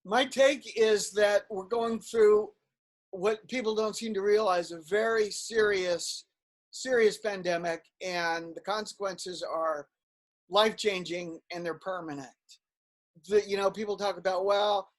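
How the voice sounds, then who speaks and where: A man's voice: sits high, steady tone, measured pace. A man co-hosting a podcast, chatting casually and telling stories with a flippant, joking manner. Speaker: podcast co-host.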